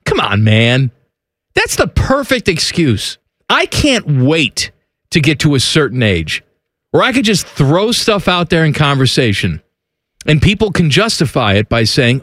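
A man's voice: on the high side, wildly swooping pitch, measured pace, a bit bright, no echo. A man in his forties hosting a radio show, joking and teasing in casual banter. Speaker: radio host.

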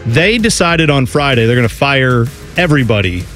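A man's voice: mid-range voice, lively intonation, normal speed, fairly bright tone, faint music behind. A middle-aged man co-hosting a sports radio show, chatting casually and rambling with easy laughs. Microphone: studio microphone.

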